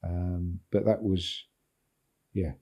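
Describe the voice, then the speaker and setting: The guest, an older English football agent, has a low, dark, level voice and draws out his words. In this podcast interview he relates a long, rambling anecdote, repeating himself and chuckling.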